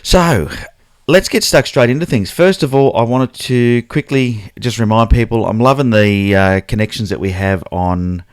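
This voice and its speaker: A man's voice: mid-range voice, normal speed, clean tone, dry recording, studio quality. A man with an Australian accent hosting a casual photography live stream, chatting loosely and greeting viewers by name. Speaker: photography livestream host.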